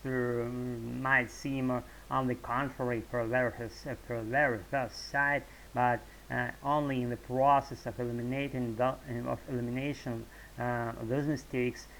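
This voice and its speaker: Russian-accented male vlogger, non-native English, halting and filler-heavy, flat pitch, faint background hiss. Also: rough recording. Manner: halting, many fillers and restarts. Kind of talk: casual monologue to camera. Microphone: talking-head camera.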